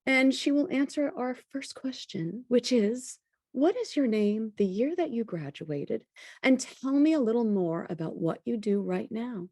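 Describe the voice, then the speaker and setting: A woman hosting a podcast interview, introducing her guest and then reflecting in a measured, deliberate way. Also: a little high, a little mellow, no room sound, clean studio sound. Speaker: podcast host.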